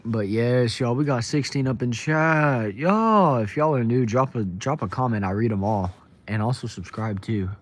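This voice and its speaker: A young man from Texas, casually chatting on a livestream, reading viewer comments aloud and greeting people by name. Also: medium pitch. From Texas, USA. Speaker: livestream host.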